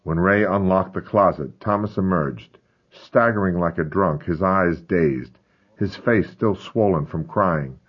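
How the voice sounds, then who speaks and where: A man's voice: deep voice, unhurried, breathy edge. A man narrating a first-person memoir with grave, intense storytelling, on a dull lo-fi recording. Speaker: audiobook narrator.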